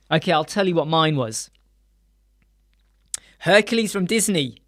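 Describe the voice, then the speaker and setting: A man, hosting a casual live stream chat from a small room lined with soundproof panels, animated and acting out quoted voices. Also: a little high, measured pace, pauses often.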